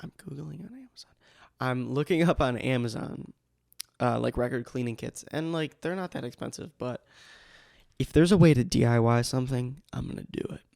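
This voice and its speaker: Young male podcast host, self-mocking and rambling; gravelly, dry close mic. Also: medium pitch, moderate pace, a little mellow, dry recording. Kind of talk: casual solo podcast talk. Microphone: studio microphone.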